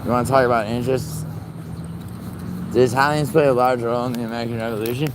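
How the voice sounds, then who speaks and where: A man's voice: medium pitch, little pitch movement, quick pace. A young man, livestreaming outdoors on a city street and trading profane, teasing banter with his chat. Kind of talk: casual livestream chat with viewers. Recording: faint street and traffic noise.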